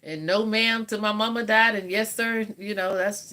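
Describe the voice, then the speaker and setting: A woman's voice: mid-range voice, fairly even intonation, normal speed, pushed and bright. A woman, chatting casually and laughing often while hosting a livestream from home. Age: 50s. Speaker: livestream host. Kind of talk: casual live chat with viewers.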